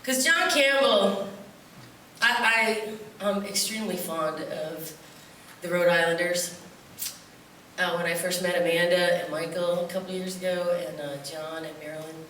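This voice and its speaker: A woman's voice: fairly low pitch, measured pace, fairly bright tone, slight background noise. A woman from upstate New York, telling rambling, joking stories to a festival audience from a theater stage. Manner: chatty, joking, loose asides. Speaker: poet performing at a festival. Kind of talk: rambling comic stage storytelling. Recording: echoey theater, distant mic.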